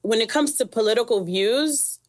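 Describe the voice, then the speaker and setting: A woman's voice: fairly high pitch, moderate pace. A woman hosting a casual interview, telling stories animatedly and laughing often. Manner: animated storyteller who acts out quoted voices, laughs often. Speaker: host.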